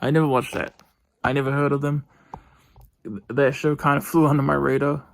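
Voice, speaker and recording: Gravelly rambling New man. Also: medium pitch, flat delivery. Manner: rambling, halting, lots of fillers and restarts. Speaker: vlogger. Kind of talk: casual TV review monologue. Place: bedroom.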